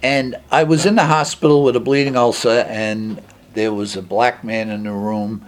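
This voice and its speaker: Older man telling his story, low voice. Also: moderate pace. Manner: animated, acts out dialogue in his anecdotes. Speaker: recovering alcoholic sharing his story. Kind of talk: personal storytelling talk.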